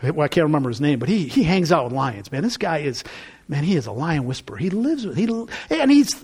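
Male pastor, high and lively voice, casual preaching with emphatic peaks. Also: fairly quick, husky. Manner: conversational preaching, rising to emphatic bursts. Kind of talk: sermon.

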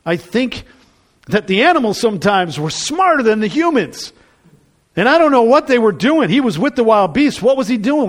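Male pastor, high and lively voice, casual preaching with emphatic peaks. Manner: conversational preaching, rising to emphatic bursts. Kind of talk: sermon.

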